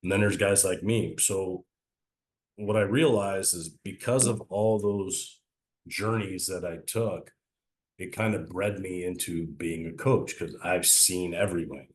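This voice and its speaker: Low-voiced reflective former ballplayer, a man. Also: steady tone, moderate pace. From Italian-American family. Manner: reflective, earnest, speaks of faith. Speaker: baseball coach and former player. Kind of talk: casual interview conversation.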